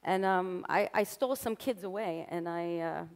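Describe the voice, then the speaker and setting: A woman's voice: fairly low pitch, normal speed. A woman telling personal stories on stage in a candid, self-mocking way, laughing at herself now and then. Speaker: artist giving a talk. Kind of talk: personal storytelling lecture. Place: stage in front of an audience.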